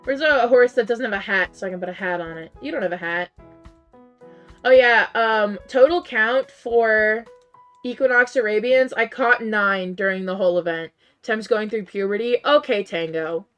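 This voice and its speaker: A woman game streamer chatting casually with her live chat while she plays. Her voice is worn and strained because she is losing it. She answers chat and often jumps up into high, disbelieving outbursts. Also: normal speed, faint music behind.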